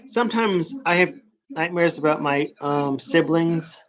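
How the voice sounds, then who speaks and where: A man vlogging in a casual late-night monologue, rambling and confessional with hushed asides. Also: a little high, a little slow.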